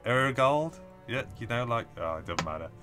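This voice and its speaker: A man's voice: sits low, quick pace, pushed and bright, soft background music. A man hosting a casual live stream, chatting, laughing often and reading viewer comments aloud. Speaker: host reading live chat.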